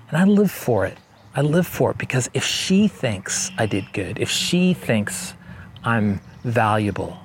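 Male pastor, mid-pitched voice, casual joking sermon delivery with slow, emphatic stresses. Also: noisy background. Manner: conversational and joking, slows down for emphasis. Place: church service.

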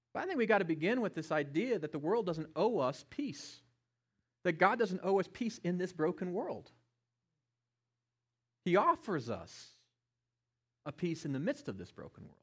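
A middle-aged man preaching a sermon, passionate, swinging between loud emphasis and hushed tones. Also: high voice, husky. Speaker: pastor.

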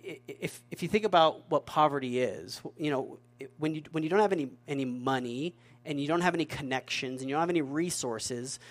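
Male pastor, slightly high voice, chatty sermon delivery full of repeated words and "right?" check-ins. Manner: conversational, repeats words, asks the audience questions.

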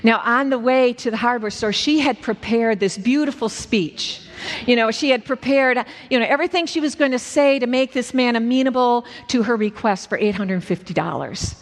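Woman preaching in a reverberant hall. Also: a little high. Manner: earnest, slows down for dramatic moments. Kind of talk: sermon storytelling. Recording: echoey hall with long reverb.

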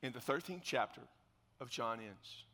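A man preaching a sermon as pastor, telling a biblical story with animated, acted-out scenes and dropping to hushed tones for solemn points. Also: mid-range voice, moderate pace, big-room sound.

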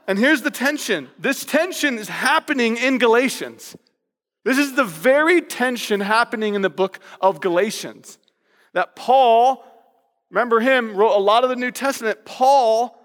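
A male pastor preaching a sermon in a lively, conversational way, hammering points home with playful repetition. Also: very high-pitched, big-room sound.

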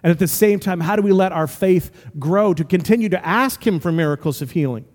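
A man preaching a sermon as pastor, animated and acting out voices as he tells stories. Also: sits high, brisk. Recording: long hall reverb.

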